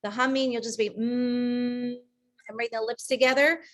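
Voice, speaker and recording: Calm woman guiding breathing over a call. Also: a little high. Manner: slow, calm counting of breaths with pauses. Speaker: breathwork and meditation coach. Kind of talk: guided breathing and meditation session. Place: online video call.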